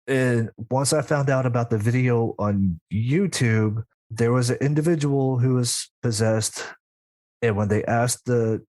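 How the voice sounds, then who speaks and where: Guest man, demonologist, rambling storyteller, dry close sound, mid-pitched. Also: darkish tone, no room sound. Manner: rambling, with frequent asides and laughs. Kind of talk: casual storytelling interview.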